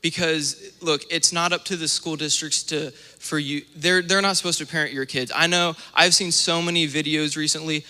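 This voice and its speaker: A young male minister preaching a sermon, telling stories in an animated way and acting out little scenes. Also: fairly high pitch, normal speed, hardly any pauses. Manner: animated storytelling with acted-out asides. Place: church sanctuary. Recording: long church hall reverb.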